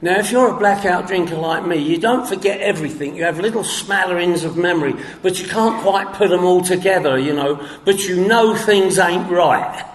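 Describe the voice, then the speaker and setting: Crowd noise and a roomy sound surround this older man from England, whose high-pitched, London-accented voice moves at a moderate pace. He rambles through a personal testimony at a recovery meeting, playing both parties in a phone conversation.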